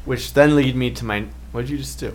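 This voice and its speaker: A young man in casual chat, telling a story in an animated way and acting out what friends said. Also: medium pitch, a little fast, slight background noise.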